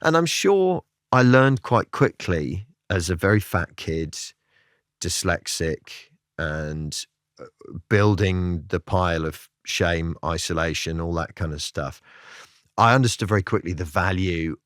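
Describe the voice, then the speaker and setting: A comedian being interviewed, talking in a reflective, self-deprecating way and breaking into laughter now and then. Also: male voice, low voice, expressive, a little slow, fairly bright tone, no echo, clean studio sound. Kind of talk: candid interview chat.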